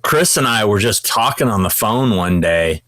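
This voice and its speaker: A man speaks as a guest in a casual interview, his pitch rising and falling as he tells stories. He is animated and swears freely. The sound is dry and close. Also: normal speed, no echo, low-quality recording. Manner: animated, profane anecdote-teller. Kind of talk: casual storytelling in conversation.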